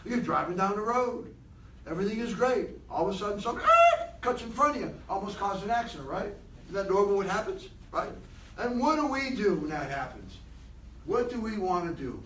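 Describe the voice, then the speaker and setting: High-voiced man giving an animated pep talk. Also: fairly quick, echoey room, far from the mic, a little hiss or hum, low-quality recording. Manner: animated, asks the room many questions. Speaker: motivational speaker. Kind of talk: motivational talk to a room. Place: room with a group of people.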